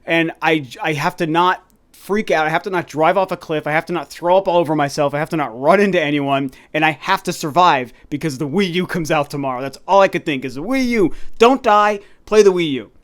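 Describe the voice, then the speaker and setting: A man in his thirties, a gaming YouTuber, telling a long rambling story to his viewers in a casual, animated way. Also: fairly high pitch, fast talker. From Colorado, USA. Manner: animated, rambling, addresses viewers as "you guys".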